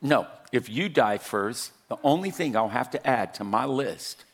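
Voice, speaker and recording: A man's voice: medium pitch, expressive, measured pace, a little hiss or hum. Older man preaching with storytelling humor. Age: 60s. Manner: storytelling with jokes, rising to loud exhortation. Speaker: pastor. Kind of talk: sermon.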